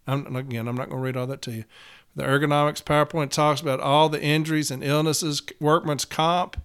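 A man's voice: on the high side, fairly bright tone, smooth. A man, a union steward talking blunt and profane in a casual podcast monologue, getting fired up.

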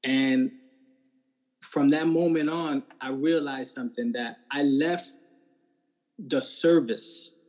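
A man's voice: mid-range voice, steady tone, slow, long pauses, darkish tone, poor audio. Earnest man telling his faith story. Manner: earnest, emphatic, keeps checking in with "right?". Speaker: interview guest. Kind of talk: personal faith testimony, casual storytelling.

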